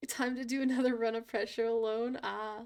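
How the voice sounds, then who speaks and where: A woman's voice: fairly high pitch, little pitch movement, brisk, a little mellow, clear, resonant tone. A young woman streaming live from her computer, chatting casually and rambling with frequent giggles as she draws. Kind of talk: casual live-stream chat while drawing.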